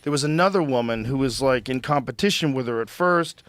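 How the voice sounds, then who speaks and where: A man's voice: medium pitch, fairly quick, a bit bright, dry recording. A man hosting a podcast in casual chat, musing bluntly with lots of "like" fillers. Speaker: podcast host.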